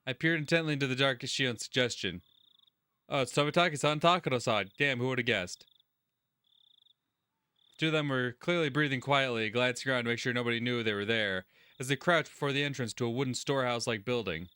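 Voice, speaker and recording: A man's voice: medium pitch, brisk, pushed and bright, clear, resonant tone, no echo. A man hosting a let's-play, reading game narration aloud and adding crude, sarcastic commentary.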